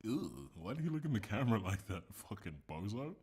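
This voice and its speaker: A man's voice: lowish voice, sing-song, fairly quick, a little mellow, slightly rough. A man giving casual, sarcastic commentary and mocking the person on screen.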